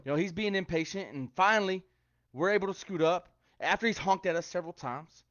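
A man's voice: high-pitched, a little fast, a bit bright, no echo. Chatty man sharing a casual devotional. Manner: chatty, joking, quotes scripture. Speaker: online devotional speaker. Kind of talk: casual devotional livestream talk. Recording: dry, dull lo-fi sound.

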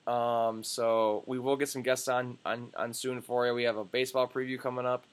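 Young male podcast co-host, mid-pitched, excitable, jokey, swears often. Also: normal speed, clear, resonant tone. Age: young adult. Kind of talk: casual sports podcast chat.

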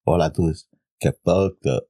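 Deep-voiced profane middle-aged man. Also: moderate pace, dark tone, no room sound, clean studio sound. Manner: profane and laughing often. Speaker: podcast co-host. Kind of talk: casual chat.

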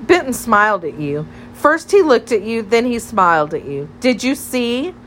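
A woman's voice: medium pitch, big pitch swings, measured pace, fairly bright tone, slight background noise, poor audio. A woman reading an audiobook, voicing a bubbly, teasing teenage girl who chatters playfully and pushes her shy friend.

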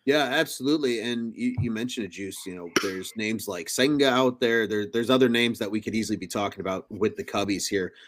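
A man hosting a live sports podcast, chatting with energy and telling stories in an animated way. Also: lowish voice, fairly quick, few pauses, background noise. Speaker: podcast host.

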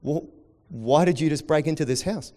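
A man preaching a sermon, dropping to quiet intensity and rising to loud, excited storytelling. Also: fairly high pitch, moderate pace. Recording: long hall reverb.

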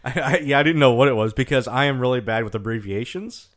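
A man's voice: medium pitch, fast, fairly bright tone. A man co-hosting a casual chat, joking around playfully.

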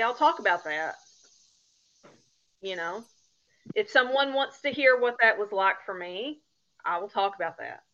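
Laughing woman on a podcast, bright. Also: a little high, dull audio. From Appalachia, United States. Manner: laughs often, self-deprecating. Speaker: podcast guest, author. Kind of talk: casual podcast chat.

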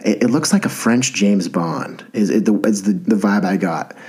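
A man's voice: lowish voice, normal speed, a little mellow, husky. A man in his thirties hosting a podcast, rambling in an enthusiastic, self-deprecating way. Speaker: podcast host. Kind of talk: casual podcast monologue.

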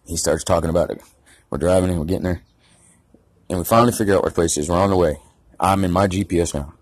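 A man's voice: sits low, fast, no room sound. A man telling a rambling, profane story in a casual rant. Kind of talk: casual ranting anecdote.

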